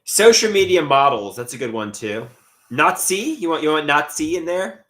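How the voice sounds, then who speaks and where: A man's voice: a little high, big pitch swings, normal speed, a bit bright. Stammering man rambling on a live stream. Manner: stammering, repeats words, mutters to himself. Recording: echoey room.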